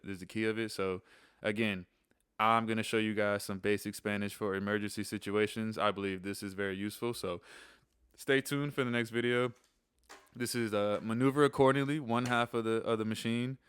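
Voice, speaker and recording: A man hosting a casual spoken lesson, relaxed, repeating key phrases slowly between chatty asides. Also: on the low side, clean tone, dry recording, studio quality. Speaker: channel host teaching phrases.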